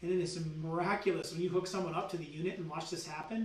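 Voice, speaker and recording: A man, a doctor, giving an energetic seminar-style health training, preachy and animated, firing teasing rhetorical questions at his audience. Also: a little high, fast, hardly any pauses. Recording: roomy sound with the mic at a distance.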